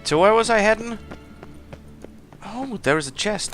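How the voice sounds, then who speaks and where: Male gameplay commentator, bright and a touch high, chatty and self-mocking, soft game music behind. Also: lively intonation, measured pace, pauses often. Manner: chatty, rambling, laughs at himself. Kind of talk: casual let's play commentary.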